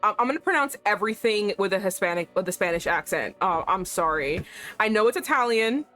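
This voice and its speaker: A young adult woman streaming a game, chatting casually in a playful, animated way and laughing often. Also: medium pitch, fairly quick, soft background music. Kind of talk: casual gameplay commentary.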